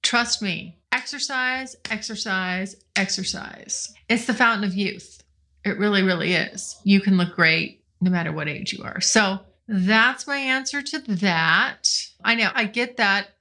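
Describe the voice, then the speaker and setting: A woman's voice: mid-range voice, unhurried, bright, forceful tone. A woman in her forties hosting a casual solo podcast, talking candidly, swearing freely and laughing often. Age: 40s. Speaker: podcast host. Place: home, morning with coffee.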